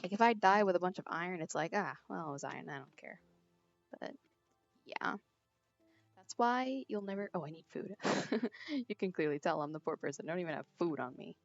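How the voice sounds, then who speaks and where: This teenage girl streamer has a lowish, animated voice and a brisk pace, with faint music in the background. She giggles her way through a rambling story as she games, recorded dry and dull on a lo-fi earbud headset mic.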